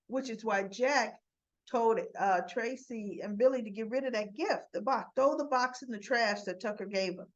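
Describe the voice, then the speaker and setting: A woman's voice: fairly high pitch, normal speed. A woman giving a chatty, rambling recap of a soap opera episode, slipping in quotes from the characters as she goes. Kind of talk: casual recap chat. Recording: dull lo-fi recording.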